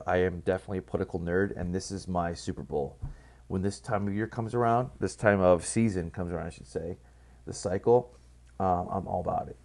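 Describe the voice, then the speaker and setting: A man's voice: low voice, a little mellow. A man giving casual, rambling political commentary, blunt and profane, full of fillers and restarts.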